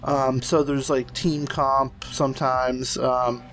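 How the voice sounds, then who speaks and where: A man's voice: mid-range voice, little pitch movement, takes it slowly, a bit bright, soft background music. A man chatting on a podcast in a loose, rambling way, full of fillers and casual swearing. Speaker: podcast co-host. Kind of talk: casual chat.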